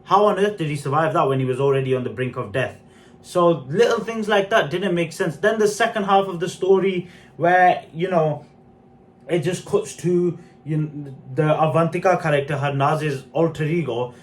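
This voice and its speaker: Frank young-sounding man reviewing a film. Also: a little high. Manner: frank, animated, addresses viewers as guys. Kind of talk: casual spoken movie review.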